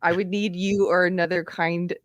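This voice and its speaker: A woman's voice: on the low side, level tone, moderate pace, no echo. A woman hosting a casual chat show, friendly and self-deprecating, laughing along with her guests. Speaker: host.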